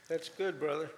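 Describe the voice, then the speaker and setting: A man giving a chatty, emotional testimony to a congregation, with many fillers and gentle jokes. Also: a little high, in a large hall, noisy background. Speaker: church volunteer speaking to a congregation.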